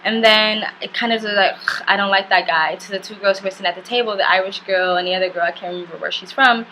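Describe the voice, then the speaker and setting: A young woman talks straight to camera in a chatty vlog, her voice bright and forward. She tells her story candidly, leaning on "like" and swearing casually. Faint ambient noise sits behind her. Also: medium pitch, steady tone, fast talker, low-quality recording. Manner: candid and chatty, heavy use of "like". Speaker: travel vlogger.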